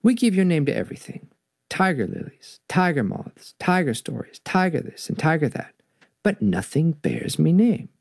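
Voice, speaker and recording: Man playing a little Jamaican trickster spider, higher and pleading, storybook read-aloud. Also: very animated, normal speed, gravelly, a little mellow, no room sound, clean studio sound, heavily acted. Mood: aggrieved. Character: tiny clever male spider trickster.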